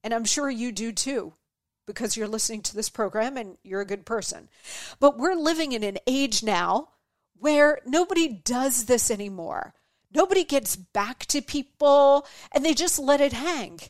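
High-pitched lady podcaster venting, mimics people, dry close sound. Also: expressive, moderate pace, dry recording. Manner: exasperated ranting with mocking quoted voices. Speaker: podcast host. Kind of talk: opinion monologue.

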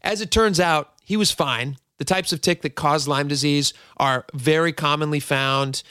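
A man's voice: fairly high pitch, moderate pace, bright, forceful tone, clear, resonant tone, no room sound. Storytelling male radio host, dry sound. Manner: rambling, storytelling with asides. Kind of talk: casual talk radio monologue.

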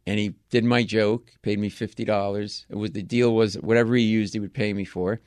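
A man from Rhode Island, a comedian telling stories as a guest in an interview, lively and slipping into voices for the people he quotes. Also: lowish voice, brisk, dry recording, clean studio sound. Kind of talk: storytelling interview chat.

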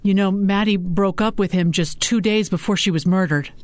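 A woman's voice: mid-range voice, moderate pace, dry recording, pitched above the performer's own voice, natural voice. Woman reading a grieving old father. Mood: insistent. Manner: insistent and heated. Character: grieving father near seventy, warm but bitter. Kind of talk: audiobook character reading.

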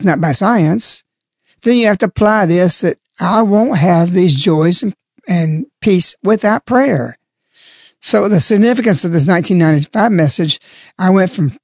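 A man's voice: high-pitched, darkish tone, slightly rough, no echo, clean studio sound. A man giving a spoken religious reflection, stressing and repeating key words as he explains. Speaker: lay religious speaker.

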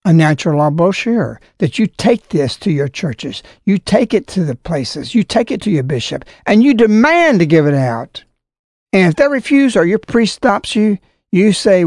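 A man's voice: high-pitched, a little mellow, no room sound. Emphatic, preachy man in a dry room. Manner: emphatic, preachy, stresses words heavily. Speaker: religious commentator. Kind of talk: impassioned religious commentary.

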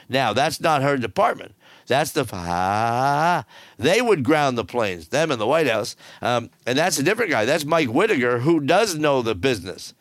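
A middle-aged man hosts his own podcast in a sarcastic, ranting way. His voice is gravelly and a touch high, and it leaps up and down as he gets worked up. The sound is dry and close, with no room around it. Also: a bit bright, dry recording. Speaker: podcast host. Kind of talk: opinionated solo podcast.

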